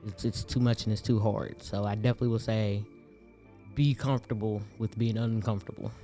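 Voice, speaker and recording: A young man from Gary, Indiana, co-hosting a podcast in casual chat, animated and quick to laugh as he acts out other people. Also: on the low side, soft background music. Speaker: podcast co-host.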